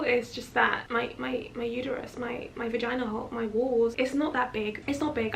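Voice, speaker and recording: A woman tells her story to camera in a candid, dramatic, laughing way. Her voice sits a little high and has a gravelly, fry-edged texture. A faint background noise runs under the recording. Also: sharp tone. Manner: chatty, frank and dramatic, laughing often. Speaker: vlogger.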